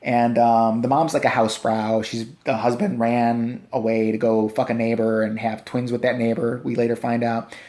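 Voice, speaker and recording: A man's voice: mid-range voice, flat delivery, normal speed, darkish tone. Sarcastic, profane male movie reviewer. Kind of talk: casual ranting movie review. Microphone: handheld camera.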